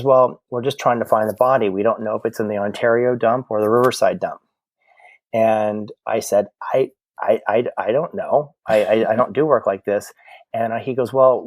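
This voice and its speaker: Low-voiced man telling stories animatedly. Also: no room sound. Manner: animated, acts out quoted exchanges, many restarts. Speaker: medium, podcast guest. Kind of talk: casual storytelling chat.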